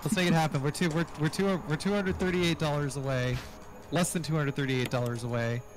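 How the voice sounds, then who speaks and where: Man, casual gaming stream talk, rambling with restarts, clear music playing under his voice. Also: on the high side, steady tone, fairly quick. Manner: rambling, many restarts and "like" fillers. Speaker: speedrunner explaining strategy.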